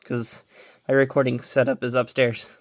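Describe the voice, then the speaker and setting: Breathless, excitable young man rambling. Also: mid-range voice, normal speed, dry recording, clean studio sound. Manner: rambling, excitable, lots of fillers. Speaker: vlogger reviewing a virtual pet device. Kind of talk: casual chat. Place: upstairs room at home.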